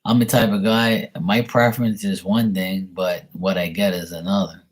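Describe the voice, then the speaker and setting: A young man hosting a live stream, reading angel cards and chatting with viewers in a relaxed, rambling way. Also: low-pitched, moderate pace. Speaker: livestream host doing card readings.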